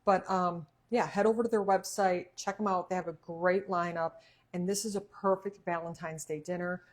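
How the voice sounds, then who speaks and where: A woman's voice: on the low side, fairly even intonation, moderate pace. Chatty woman hosting a cooking livestream. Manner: chatty, laughs often, talks while eating. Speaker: cooking show host. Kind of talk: casual livestream chat.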